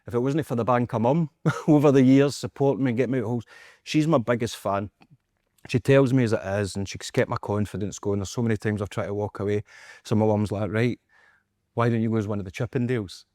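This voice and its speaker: Fast-talking Scottish man telling stories. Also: on the low side, no echo, studio quality. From Scotland. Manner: animated, laughing, self-mocking anecdotes. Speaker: guest performer. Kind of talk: storytelling in casual chat.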